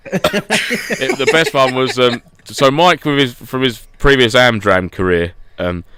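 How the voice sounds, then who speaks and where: A man co-hosting a podcast, an animated storyteller who laughs often and acts out what people said. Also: mid-range voice, slow pace, clear, resonant tone. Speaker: podcast co-host. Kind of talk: casual podcast chat.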